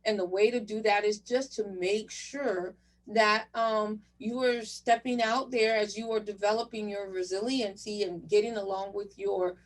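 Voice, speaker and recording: A woman's voice: on the high side, far from the mic. A woman giving a motivational conference talk to new chief residents, direct and encouraging. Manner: direct, encouraging, addresses audience as "you guys". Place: virtual conference session.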